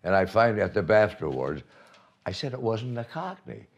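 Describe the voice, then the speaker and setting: A man's voice: lowish voice, big pitch swings, moderate pace, dull audio. An older man telling playful stories in a casual conversation, laughing often as he talks. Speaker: honoree in conversation. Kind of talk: casual reminiscing chat.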